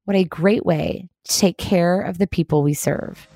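A woman's voice: fairly low pitch, warm tone, soft background music. Earnest woman giving leadership advice. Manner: earnest, encouraging, measured. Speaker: host of a leadership video series. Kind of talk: scripted motivational talk to camera.

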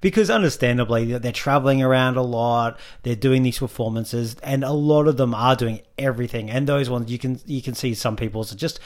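A man's voice: mid-range voice, fairly quick, hardly any pauses. Chatty Australian man co-hosting. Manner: chatty, playful asides. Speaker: podcast co-host. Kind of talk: casual chat.

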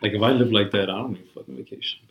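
A man chats casually in a low-pitched voice, swearing constantly and wandering from point to point with filler words. The sound is roomy and echoey. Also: very fast, creaky, lo-fi sound. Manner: profane, rambling, lots of "like" and "you know". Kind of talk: casual chat.

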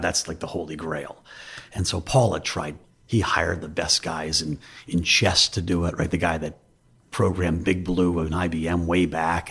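A middle-aged man, an investment firm chief, telling candid stories in a relaxed interview with frequent restarts. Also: low-pitched, creaky, husky. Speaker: investment firm CEO, guest. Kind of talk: conversational interview storytelling.

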